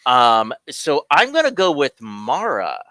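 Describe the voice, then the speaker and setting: A man's voice: medium pitch, wildly swooping pitch, slow, sharp tone, no echo. A man co-hosting a casual livestream podcast from home, joking playfully with the others. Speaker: podcast co-host.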